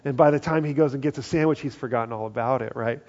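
A man preaching a conversational sermon, acting out quoted voices and often dropping to a hushed tone. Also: medium pitch, fast. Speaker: pastor. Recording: dull lo-fi sound.

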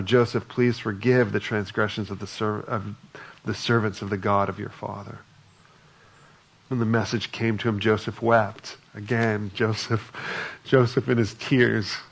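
Low gravelly male preacher, husky. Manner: conversational preaching, reads scripture aloud. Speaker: pastor. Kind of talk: sermon.

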